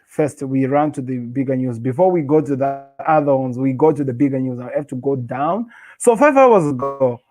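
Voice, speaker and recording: A young man hosting a casual football channel, ranting with animated frustration and a lot of repetition. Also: medium pitch. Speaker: host. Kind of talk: casual football rant to camera.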